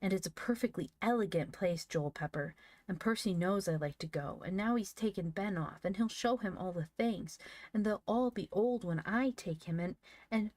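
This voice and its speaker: A woman voicing an excitable, indignant young boy who shrills and cries out in a storybook reading. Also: mid-range voice, normal speed, dry recording, voice pushed up, close to an everyday voice. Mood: excited, indignant.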